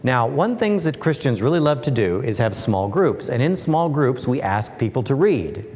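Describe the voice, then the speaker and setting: A man's voice: mid-range voice, very animated, moderate pace, darkish tone. A man giving a humorous presentation as a guest speaker and author. He talks playfully and keeps asking the audience rhetorical questions. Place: lecture hall. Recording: long hall reverb.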